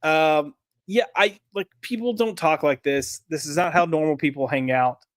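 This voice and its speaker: Sarcastic male co-host on a comics podcast, somewhat high voice, dry close sound. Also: normal speed, no room sound. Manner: sarcastic, mocking reading. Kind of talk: casual chat.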